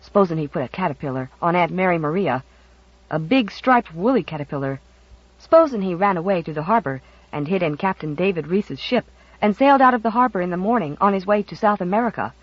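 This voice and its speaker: Audiobook reader, middle pitch, expressive storytelling, dry dull sound. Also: a little fast, no echo. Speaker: audiobook narrator. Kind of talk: scripted narration. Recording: dry, slightly muffled audio.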